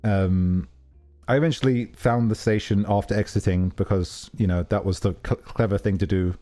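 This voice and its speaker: A man's voice: fairly low pitch, fairly even intonation, normal speed, mellow, soft background music. A man streaming casually, telling a rambling story full of fillers and self-corrections. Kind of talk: casual livestream chat.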